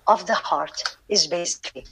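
A woman's voice: lowish voice, moderate pace, fairly bright tone, poor audio. A woman giving a religious lecture, earnest, repeating key words for emphasis. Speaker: Islamic lecturer. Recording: online class session.

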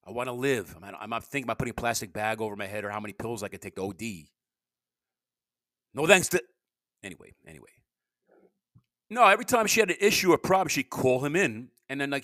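Stammering middle-aged man, lively rambling talk. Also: mid-range voice, no echo, clean studio sound. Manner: stammering, repeats words, candid and blunt. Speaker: podcast host and comedian. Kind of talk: rambling confessional monologue.

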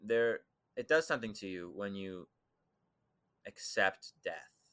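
A young man tells a chilling personal story as a guest on a talk show. His voice is low yet bright and forward. He acts out other voices and swings between loud outbursts and hushed near-whispers. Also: takes it slowly, smooth. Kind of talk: dramatic storytelling in conversation.

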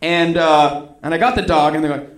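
A man's voice: fairly high pitch, fairly even intonation, moderate pace. Rambling man telling a personal story. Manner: rambling, acts out quoted voices. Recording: roomy echo.

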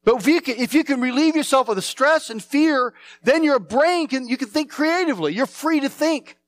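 Lively high-voiced man preaching a sermon. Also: moderate pace, no room sound. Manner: emphatic, repeats phrases, swings between loud and hushed. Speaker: pastor.

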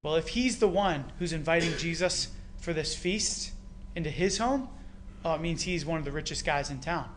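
A Canadian man preaches a sermon in a fairly high voice. He tells the story with animated emphasis and throws rhetorical questions to his listeners. A faint ambient hum sits behind him. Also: moderate pace, hardly any pauses. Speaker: pastor.

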